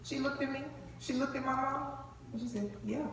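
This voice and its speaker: A young woman, a breast cancer survivor, gives her testimony to a live audience in a large hall, animatedly acting out each voice in her survival story. Her voice sits high and moves fairly quickly. The recording is echoey, taken far from the mic, with crowd noise.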